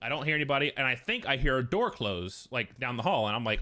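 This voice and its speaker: A man's voice: medium pitch, very animated, a little fast, bright, forceful tone. A young man casually telling a long, rambling story, swearing often and filling it with "like". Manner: profane, rambling, full of fillers. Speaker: streamer.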